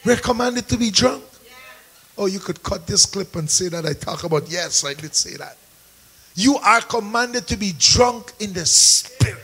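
A man preaching a sermon, calling out to the congregation and rising into shouts. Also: high voice, expressive, normal speed, slightly rough, rough recording. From Caribbean. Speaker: pastor.

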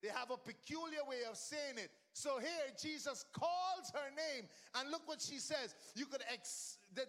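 A man preaching a sermon to a church, swinging from shouts down to near-whispers. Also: very high-pitched. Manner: rising to shouts then dropping to near-whispers. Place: church sanctuary. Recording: long reverb of a large hall.

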